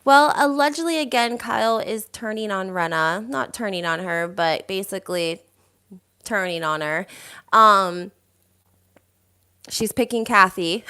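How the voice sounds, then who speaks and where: A woman hosting a casual reality TV gossip chat, reading out viewer comments in a chatty, animated way, full of fillers. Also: medium pitch, clean tone.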